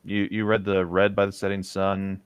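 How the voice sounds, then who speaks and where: A man's voice: sits low, monotone, normal speed, smooth, highs cut off. A man reading a fan story aloud in a casual comedic read-along, reading the narration steadily between dry joking remarks.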